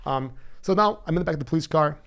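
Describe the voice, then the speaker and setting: A man's voice: on the high side, rapid-fire, a bit bright. A man guest on a podcast telling his own story bluntly and animatedly, swearing freely and acting out remembered dialogue. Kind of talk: candid personal storytelling.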